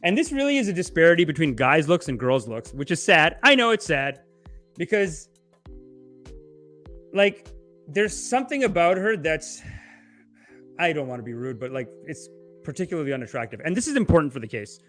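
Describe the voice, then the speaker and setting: Irreverent male podcast host, animated. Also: fairly high pitch, moderate pace, long pauses, soft background music. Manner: irreverent, mocking, rambling asides. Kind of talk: casual commentary and reading news aloud.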